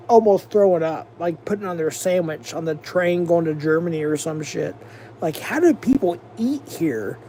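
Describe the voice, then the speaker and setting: A man's voice: high voice, dark tone, a little hiss or hum. An American man hosting a livestream, rambling and mocking in a profane, casual rant. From United States. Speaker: livestream host.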